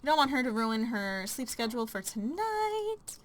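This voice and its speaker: A woman's voice: fairly high pitch, big pitch swings, normal speed, slight background noise. A woman casually narrating her life-sim gameplay, chatty and full of ums and likes. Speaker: let's play narrator.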